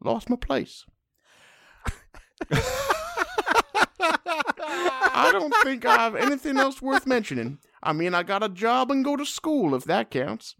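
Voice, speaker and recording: A man co-hosting a comedy podcast reads out listener mail with a playful, deadpan delivery. His pitch swings widely, and the sound is dry and close-miked. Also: unhurried, vocal fry, no room sound. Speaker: podcast co-host.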